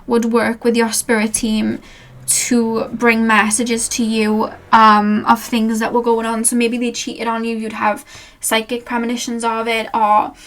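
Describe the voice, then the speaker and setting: Woman doing a tarot card reading, kinda high voice, rambly and earnest, gentle and reassuring. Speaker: tarot reader and channeler.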